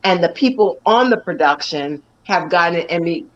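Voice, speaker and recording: Excited woman telling stories, dull audio. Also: fairly low pitch, normal speed. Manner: animated, laughs often, lively storytelling. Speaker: actress and stunt performer. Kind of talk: excited storytelling in an interview.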